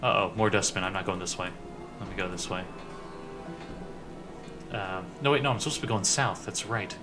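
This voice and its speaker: A man's voice: low-pitched, normal speed, over music. Man chatting casually over a game. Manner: casual, self-deprecating asides. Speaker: gaming video host. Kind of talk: voice-acted game playthrough.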